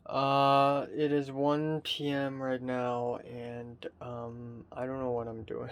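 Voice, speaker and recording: A young man talks into a camera he set up himself in his bedroom, sleepy and worn out. He rambles in halting fits, with plenty of fillers and the odd curse. His voice sits at an ordinary middle pitch. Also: completely flat delivery. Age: young adult. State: sleepy and tired. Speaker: college student vlogger. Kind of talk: casual video diary. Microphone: self-filmed camera.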